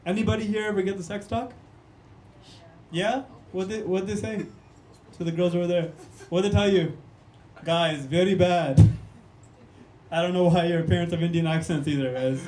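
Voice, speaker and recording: A man's voice: sits high, a little fast, darkish tone, slight background noise. A young man, doing a punchy stand-up comedy set on a club stage and talking straight to the crowd. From Canada. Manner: punchy, keeps calling the crowd "guys" and "man". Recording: echoey room.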